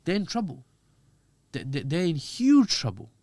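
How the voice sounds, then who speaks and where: A man, a podcast guest giving lively, joking political commentary. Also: on the high side, normal speed, no room sound. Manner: animated, joking, acts out quoted voices.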